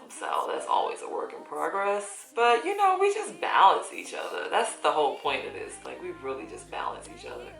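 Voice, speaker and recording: Chatty woman with a low, bright voice. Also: vocal fry. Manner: chatty, laughing, folksy slang. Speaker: beauty vlogger. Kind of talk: casual chat while doing makeup. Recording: echoey room with faint music.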